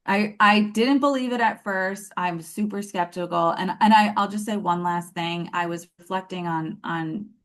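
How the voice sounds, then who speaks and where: A woman's voice: medium pitch, normal speed, few pauses. A woman in her thirties, a podcast guest and former coaching client, talking casually in a rambling, earnest way with lots of "like" and restarts. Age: 30s. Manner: rambling, filler-heavy, earnest.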